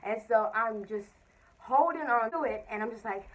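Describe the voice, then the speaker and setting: A young woman tells a story-time vlog. Her voice is fairly high, and she keeps jumping into voices for what people said. She sits a little away from the mic, so the sound is a touch distant. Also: normal speed. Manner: animated, expressive storytelling with quoted voices. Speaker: vlogger.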